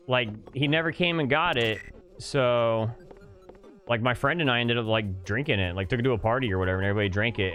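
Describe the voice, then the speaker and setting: A man's voice: mid-range voice, a bit bright. Casual swearing young man chatting on stream. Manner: rambling storytelling with many fillers and swearing. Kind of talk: casual chat to a live stream chat while playing.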